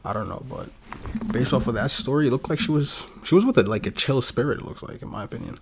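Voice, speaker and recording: A man hosting a reaction video, musing aloud in a relaxed, unsure way. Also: mid-range voice, fast, background noise. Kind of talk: casual commentary.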